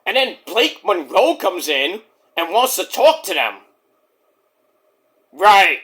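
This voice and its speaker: A man's voice: high-pitched, big pitch swings, fairly bright tone, breathy edge. Profane, rambling man in his forties. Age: 40s. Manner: profane, rambling, mimics wrestlers in quick voices. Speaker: wrestling show reviewer. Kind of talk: casual rambling review.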